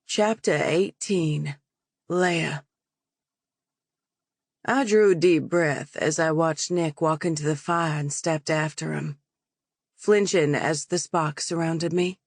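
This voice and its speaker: Woman reading a romance audiobook, slow and calm, dry close-mic sound. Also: low-pitched, dry recording. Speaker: audiobook narrator. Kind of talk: first-person audiobook narration.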